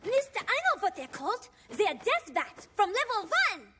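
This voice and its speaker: A woman voicing an eager young boy in an English anime dub, talking excitedly as he tries to help. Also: very high-pitched, moderate pace, heavily acted.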